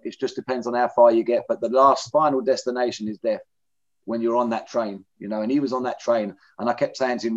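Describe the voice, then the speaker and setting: This blunt, candid middle-aged man has a mid-range voice and a plain-spoken manner. Interviewed about his recovery, he offers personal testimony in conversation, heard through a dull lo-fi recording.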